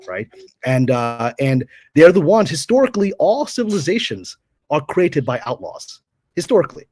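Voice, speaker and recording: A man's voice: a little high, sing-song, moderate pace, darkish tone, no room sound. A man, a guest on a podcast, lecturing in a provocative, opinionated way. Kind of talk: casual podcast chat.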